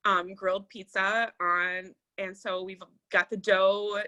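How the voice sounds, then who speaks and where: A woman's voice: mid-range voice, level tone, takes it slowly, bright, forceful tone. A woman co-hosting a podcast in casual chat, chatty and laughing often. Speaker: podcast co-host.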